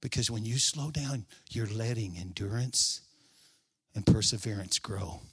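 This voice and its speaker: A male pastor preaching a sermon, repeating key phrases with emphasis, drawing them out and now and then dropping to a hushed aside. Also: fairly low pitch, a little slow, slightly rough.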